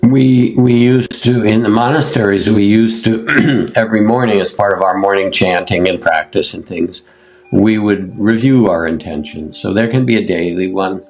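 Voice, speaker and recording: Older american guy, meditation teacher, deep raspy-ish voice, slow gentle interview talk. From United States. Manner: gentle, unhurried, pauses with fillers. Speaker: meditation teacher, podcast guest.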